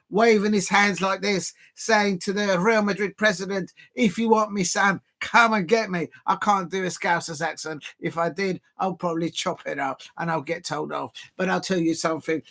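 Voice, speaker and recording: Man, football watch-along host, high voice, rambling live commentary, shouts at big chances. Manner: excitable, rising to shouts at big moments, rambling with fillers. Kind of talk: live match commentary and chat.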